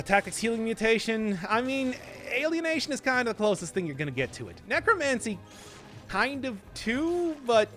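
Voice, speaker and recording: With a Midwestern accent from his Wisconsin roots, this young man streams games, laughing and chatting as he comments live and emphasizing words strangely. He has a high-pitched, fairly bright voice.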